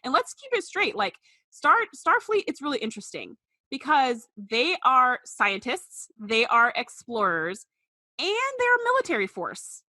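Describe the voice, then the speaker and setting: A woman's voice: high-pitched, wildly swooping pitch, measured pace, sharp tone, no echo, clean studio sound. A young adult woman co-hosting a podcast in casual chat, talking expressively and laughing as she retells scenes. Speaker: podcast co-host.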